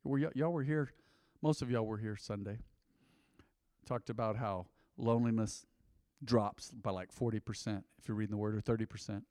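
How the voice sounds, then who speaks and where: A man preaching a sermon to his congregation, animated and conversational, with sudden loud emphasis. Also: on the low side, normal speed, no echo, clean studio sound. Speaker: pastor. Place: church sanctuary.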